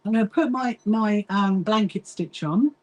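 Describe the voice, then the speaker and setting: A chatty British woman hosts a sewing livestream, talking casually while she works and reading viewers' comments aloud, often breaking off with "hang on." Her voice is mid-range and slightly mellow, and she speaks at a moderate pace.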